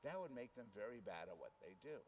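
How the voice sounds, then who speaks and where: A man's voice: mid-range voice, sing-song, fast talker, a little mellow, far from the mic, slight background noise. A man giving a talk to an audience in a conversational lecture style, with dry humor. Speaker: speaker.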